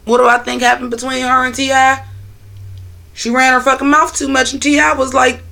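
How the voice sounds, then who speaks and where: A man's voice: very high voice, flat delivery, brisk, gravelly, bright, forceful tone. A man hosting a casual livestream on his phone, talking loosely and profanely while answering his chat. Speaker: livestream host.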